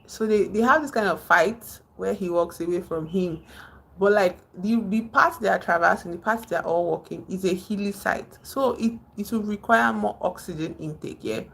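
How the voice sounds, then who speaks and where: Gravelly Nigerian woman chatting on a livestream. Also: medium pitch, normal speed, a bit bright. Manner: rambling, retells film scenes, greets chat viewers. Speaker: livestream host. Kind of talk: casual livestream chat.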